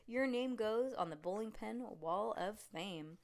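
A woman reading aloud, voicing a loud, upbeat man in a bowling pin costume who announces the game. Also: medium pitch, lively intonation, measured pace, creaky. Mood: hyped. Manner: shouty hyped announcer patter. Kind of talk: reading a picture book aloud.

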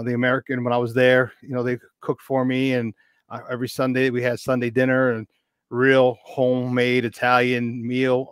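A man's voice: mid-range voice, smooth, no echo. Fifty-something guy telling old stories, lots of restarts, keeps saying man, dry close sound. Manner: animated, rambling with restarts and "man". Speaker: podcast guest, football expert. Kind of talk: casual storytelling.

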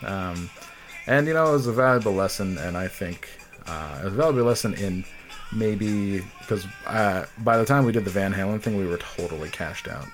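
A man's voice: on the low side, normal speed, faint music behind. A man hosting a comedy podcast, joking around in loose, profane casual chat. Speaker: podcast host.

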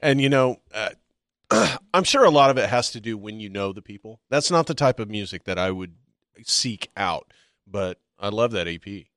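A man's voice: on the low side, animated, normal speed, a bit bright, no room sound, studio quality. A man co-hosting a podcast, laid-back and wry, swearing casually. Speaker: podcast co-host. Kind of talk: casual chat.

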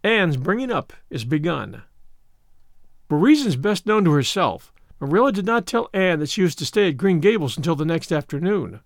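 A man narrating a classic novel as an audiobook, measured and expressive. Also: on the high side, dry recording, studio quality.

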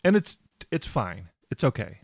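Halting man telling a story, dry sound. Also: medium pitch, very animated, gravelly, darkish tone, no room sound. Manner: halting, restarts often, laughs easily. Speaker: podcast host. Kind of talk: casual podcast chat.

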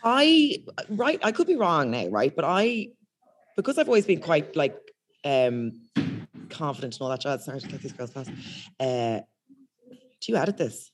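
Irish woman, chatty and animated. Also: deep voice, moderate pace, long pauses, slightly rough. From Ireland. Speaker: guest comedian. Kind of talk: casual chat. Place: outdoors in public. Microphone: video call.

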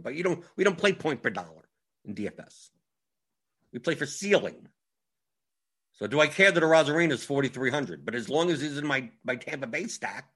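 Man explaining strategy with animated restarts. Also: medium pitch, slightly rough. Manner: animated, emphatic, frequent restarts. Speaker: fantasy sports strategist. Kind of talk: casual tutorial explanation.

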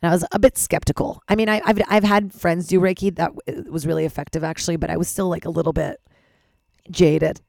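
A woman's voice: lowish voice, fairly even intonation, fast talker, gravelly, a little mellow, no room sound, clean studio sound. A young adult woman hosting a podcast, rambling candidly and self-deprecatingly with casual swearing, her voice a little worn. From Los Angeles-based. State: slightly lost voice. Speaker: podcast host. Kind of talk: candid personal monologue.

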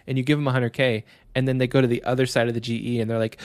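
A man's voice: medium pitch, flat delivery, rapid-fire, hardly any pauses, no echo. Laid-back male gaming co-host, dry sound. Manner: laid-back, laughs often, acts out scenarios. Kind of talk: casual gaming podcast chat.

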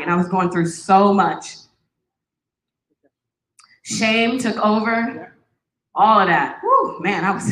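A woman's voice: fairly high pitch, pushed and bright. Woman giving testimony in echoey church. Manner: candid, joking, conversational. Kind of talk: personal testimony talk.

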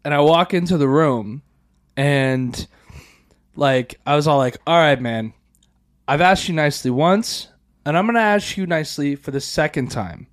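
A man's voice: fairly high pitch, moderate pace. A man co-hosting a podcast, telling a story in casual chat, acting out voices, swearing and laughing often. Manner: animated, acts out quoted voices, swears a lot, laughs often. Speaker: podcast co-host.

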